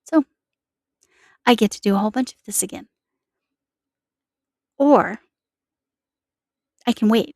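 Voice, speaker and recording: A woman's voice: fairly high pitch, slow, vocal fry, pauses often, darkish tone, no room sound. A woman chatting to camera in a rambling, self-correcting way while showing snacks and yarn. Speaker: crochet vlogger. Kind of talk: casual chat to camera.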